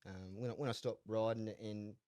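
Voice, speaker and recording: A man's voice: fairly low pitch, steady tone, moderate pace, dark tone, no room sound. Laid-back young Australian man telling yarns. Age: 20s. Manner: laid-back, rambling, laughs often, repeats words. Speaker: guest, jockey and horse trainer. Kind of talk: casual interview storytelling.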